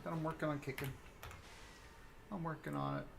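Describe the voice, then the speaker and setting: A man's voice: fairly high pitch, little pitch movement, brisk, gravelly, background noise. A man chatting casually on a live stream as he builds in a game, laid-back and rambling, with a cough that comes and goes. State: coughing now and then. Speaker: livestreamer.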